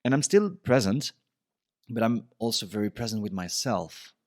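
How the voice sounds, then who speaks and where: A podcast host with a fairly low, slightly mellow voice and lively intonation speaks at a normal pace, recorded dry and clean in a studio. He gives relationship advice in a casual, reflective monologue, often repeating himself.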